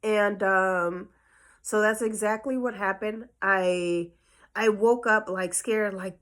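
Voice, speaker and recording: A woman's voice: medium pitch, fairly even intonation, slow pace, a bit bright. A woman telling a personal story on her vlog in a casual, chatty way full of fillers, slightly short of breath. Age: adult. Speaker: vlogger.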